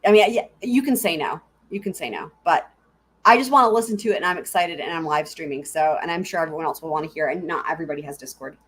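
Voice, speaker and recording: A woman's voice: deep voice, quick pace. A woman hosting a live stream, chatting casually and giggling as she answers her viewers.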